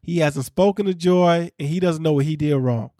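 Animated man hosting a recap podcast. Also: fairly high pitch, normal speed, dry recording, studio quality. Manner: animated, laughing, quotes people in voices. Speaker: podcast host. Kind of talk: casual recap chat.

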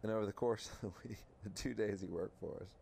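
A man with a lowish voice tells a story in loose, casual chat. He swears freely and drops into mocking impressions of other people. A faint hiss sits under the recording. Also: quick pace, vocal fry. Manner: animated storyteller, swears, mimics others in a high voice.

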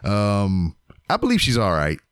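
A man's voice: lowish voice, wildly swooping pitch, a little slow, no echo, clean studio sound. A man co-hosting a casual wrestling podcast, talking loosely with trailing fillers and casual swearing. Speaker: podcast co-host. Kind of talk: casual chat.

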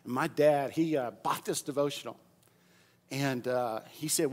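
A man preaching a sermon, moving from quiet storytelling to loud, shouted preaching and leading the congregation in call-and-response. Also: mid-range voice, normal speed. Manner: leads the congregation in repeating phrases. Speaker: pastor.

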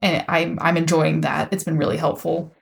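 A woman's voice: deep voice, flat delivery, moderate pace, vocal fry, a little hiss or hum. A woman co-hosting a casual podcast chat, making dry joking asides. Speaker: podcast co-host.

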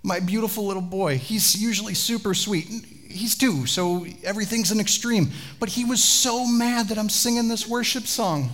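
A man, a pastor, preaching a sermon with animated storytelling and chatty asides to the congregation. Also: high voice, moderate pace, few pauses.

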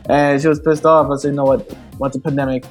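An American film director, a guest in a casual interview, tells stories in a medium-pitched voice at a fast clip, laughing and joking animatedly. Soft music plays in the background.

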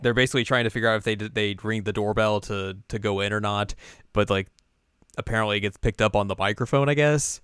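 A young man co-hosting a podcast, rambling through a casual anime episode recap in an animated way. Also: fairly low pitch, quick pace, smooth, dry recording, studio quality. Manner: rambling, animated, keeps slipping into character voices. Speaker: podcast co-host.

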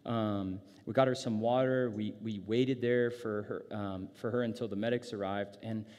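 A man's voice: on the low side, moderate pace. A man preaching a sermon in a casual, conversational way, acting out characters with playful sarcasm. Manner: casual, animated, acts out disciples with sarcasm. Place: church gathering space. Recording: reverberant hall sound.

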